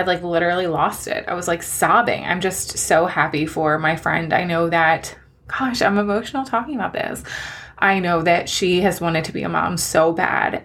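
Young woman, podcast host, encouraging, gushing, lowish pitch. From New Jersey. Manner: warm and gushing, encouraging, frequent laughs. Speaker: podcast host and online coach. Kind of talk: solo podcast life update.

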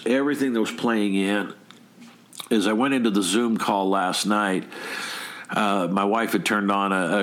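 Emphatic middle-aged man, low voice. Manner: emphatic, rhetorical questions with a tag "right?"; frequent word repeats and restarts. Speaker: motivational speaker. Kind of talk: motivational talk to viewers.

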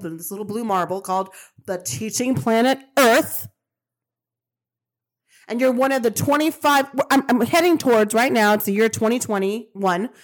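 A woman hosting a spiritual self-help podcast, talking emphatically in repeated affirmations and swearing casually. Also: fairly high pitch. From Colombian-American. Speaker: podcast host. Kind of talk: motivational spiritual podcast monologue.

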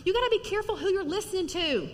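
A middle-aged woman preaching to women in a lively, conversational sermon, acting out little stories as she goes. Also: very high-pitched, rapid-fire, in a large hall. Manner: lively, animated storytelling with acted-out quotes. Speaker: women's ministry speaker.

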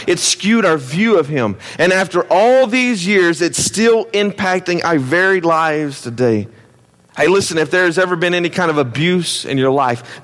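Male pastor, conversational sermon delivery, dramatic loud-to-hushed swings, reverberant hall. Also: a little high. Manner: conversational preaching with repeated calls to listen.

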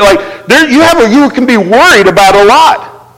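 High-voiced preacher in a big hall. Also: male voice, normal speed. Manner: conversational, animated, asks the crowd to respond. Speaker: pastor. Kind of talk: sermon.

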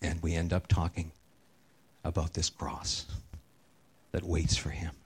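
A middle-aged man preaching a sermon, telling a personal story earnestly and sinking to a hushed, slow voice for the serious parts. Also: very deep voice, little pitch movement, husky. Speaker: pastor.

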